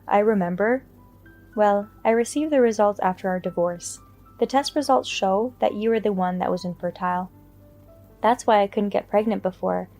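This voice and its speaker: A woman tells a first-person story in a calm, matter-of-fact way. Her voice is warm and mellow, with soft music underneath. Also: medium pitch. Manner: even, matter-of-fact retelling. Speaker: story narrator.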